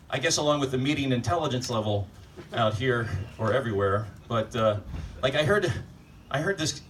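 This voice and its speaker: Man, stand-up comic, sardonic profane rant, slightly high voice, off-mic, noisy club room. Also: sharp tone, recorded from a distance. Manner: sardonic, profane ranting with rhetorical questions to the crowd. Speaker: stand-up comedian. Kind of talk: stand-up comedy set. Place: live comedy club stage.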